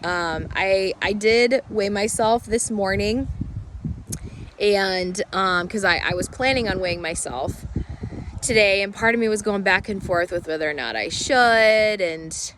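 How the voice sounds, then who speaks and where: A woman speaking hoarsely from a cold, talking candidly and haltingly in an unedited personal vlog. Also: mid-range voice, noisy background. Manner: rambling, halting, candid and reflective. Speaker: vlogger.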